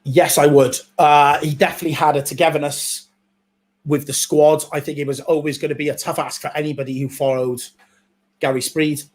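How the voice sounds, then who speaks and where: A man's voice: on the high side, level tone, a little fast, darkish tone. A man from Wales co-hosting a live football watchalong, bantering playfully with his co-host and the viewers. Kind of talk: casual live match chat.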